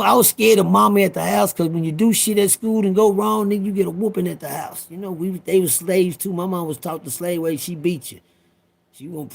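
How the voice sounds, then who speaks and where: Man in his fifties, personal storytelling, profane and rambling, husky voice, high pitch. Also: darkish tone. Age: 50s. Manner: profane, rambling, talks straight to listeners.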